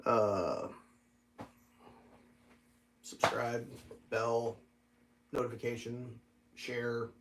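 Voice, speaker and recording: A man hosting a casual livestream, telling a story with lots of swearing and loudly acting out the dialogue. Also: medium pitch, extremely slow, vocal fry, pauses often, a little hiss or hum. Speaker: livestream host.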